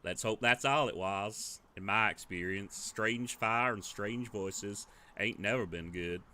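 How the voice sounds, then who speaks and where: Man as a grizzled old drifter, slow drawl, clipped lines, bright edge. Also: lowish voice. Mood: ominous.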